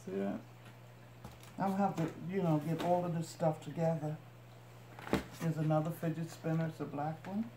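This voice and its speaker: A woman's voice: deep voice, flat delivery, moderate pace, long pauses. A woman vlogger chatting to her viewers as she unpacks boxes and shows each item. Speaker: couponing vlogger. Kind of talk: casual unboxing narration. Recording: echoey room with noise.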